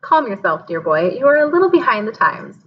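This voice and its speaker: A woman reading aloud, voicing a calm, kindly old male headmaster with a gentle, wry, measured manner. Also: a little high, dull audio.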